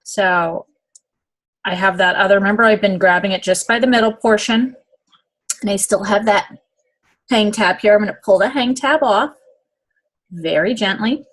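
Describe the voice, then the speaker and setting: Woman, casual how-to tutorial, chatty, step-by-step, mid pitch. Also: moderate pace, pauses often, a bit bright. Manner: chatty, step-by-step instructions with frequent "okay?" check-ins. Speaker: nail product demonstrator.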